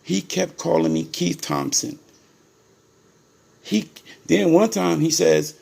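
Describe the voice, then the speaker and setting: A middle-aged man from Ohio speaks in a gravelly, husky voice that sits a touch high for a man. He talks straight to his viewers in a casual, emphatic monologue, circling back and repeating his points as he tells his story. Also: slow pace, long pauses, darkish tone. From Ohio, USA. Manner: emphatic and repetitive, addresses viewers as "people". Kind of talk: casual direct-to-camera monologue.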